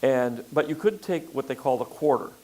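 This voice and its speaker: An older man filmmaker in a relaxed interview conversation, talking in a rambling way with frequent fillers and restarts. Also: mid-range voice, brisk, low-quality recording. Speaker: filmmaker guest.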